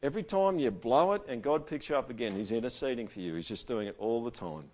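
A man preaching a sermon to a church gathering. He talks conversationally and swings between loud emphasis and quiet, intimate passages. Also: medium pitch, expressive, quick pace. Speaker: pastor.

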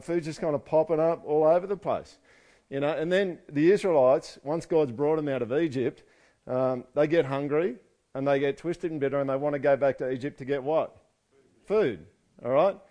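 A pastor preaching in a loose, casual way. He drops joking, sarcastic asides between points. His voice is warm and mellow. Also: fairly high pitch. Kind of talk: sermon.

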